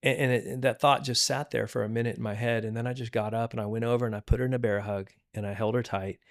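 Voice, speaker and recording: A middle-aged man, a pastor, tells a personal story as a podcast guest. His voice sits in a plain middle pitch. He speaks earnestly and often restarts his sentences. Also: steady tone, fast talker. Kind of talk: candid testimony in conversation.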